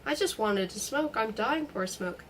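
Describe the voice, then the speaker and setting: A woman doing a high, hoarse, fussy man. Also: animated, normal speed, far from the mic, slight background noise, lightly acted. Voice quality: high, hoarse, strangely feminine manner. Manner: drawling, mocking, rambling. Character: fussy, blustering middle-aged man in a fog. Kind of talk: reading a novel aloud.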